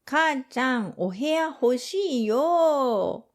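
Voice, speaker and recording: A bratty little boy full of childish, whiny drama, as a woman reads him aloud from a manga. The voice sits fairly high and is pitched as a cheeky kid throwing a tantrum. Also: lively intonation, a little slow. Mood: pleading. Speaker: manga reader. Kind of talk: acted manga reading.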